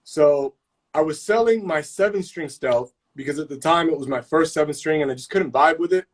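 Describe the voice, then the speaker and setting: His fairly high, fairly quick voice carries slang-heavy, swear-laden stories as he hosts a relaxed live-stream chat, animated throughout.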